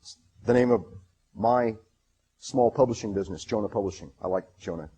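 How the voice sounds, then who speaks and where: In his lecture presentation, a man reads passages aloud, stumbling through many fillers and restarts while remaining enthusiastic about the material. He has a low-leaning, mellow, husky voice.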